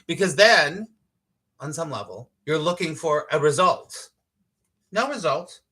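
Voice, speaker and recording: Man, spiritual talk show host, bright tense voice, slightly high, animated, swears now and then. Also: unhurried, breathy edge. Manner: animated and emphatic, laughs easily, acts out inner voices; swears casually. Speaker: spiritual teacher hosting a live morning show. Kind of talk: casual spiritual talk, reading audience comments.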